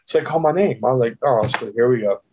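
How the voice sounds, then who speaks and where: A man's voice: medium pitch, fast, slight background noise, rough recording. A middle-aged man telling a casual, profane story and acting out the people in it. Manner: animated, profane, acts out quoted voices. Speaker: guest.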